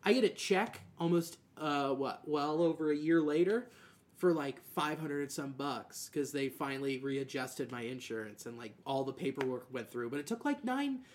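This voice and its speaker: A man's voice: a little high, lively intonation, normal speed, a little hiss or hum. A man in his thirties, a comedian co-hosting a podcast, telling a story in casual, profane chat and acting out the voices of the people in it. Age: 30s.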